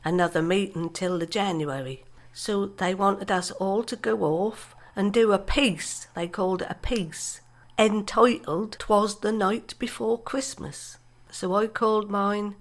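An older woman, reciting her own comic poems and chatting between them in a homely, dialect-flavoured way. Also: mid-range voice. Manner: chatty, unhurried storytelling with dialect grammar. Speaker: poet.

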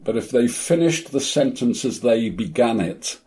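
A man's voice: medium pitch, animated, a little slow, a crowd in the background. A man of eighty, a retired actor, telling stories from his career in a wry, reflective way during an interview. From Cornwall, England. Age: 80s. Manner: reflective, wry, stammers on restarts. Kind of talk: conversational storytelling.

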